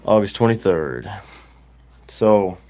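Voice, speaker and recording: A middle-aged man talks casually on his livestream. His voice sits a little low. He rambles, circling back with plenty of "uh" and "you know.". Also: lively intonation, slow, mellow. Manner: rambling storyteller, many fillers and restarts. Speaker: livestream host.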